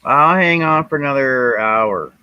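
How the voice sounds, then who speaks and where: A man from Canada, a panelist on a casual live stream, relaxed and reading out viewers' comments. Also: mid-range voice, unhurried, clean tone, dry recording, lo-fi sound. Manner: relaxed, reads out chat comments.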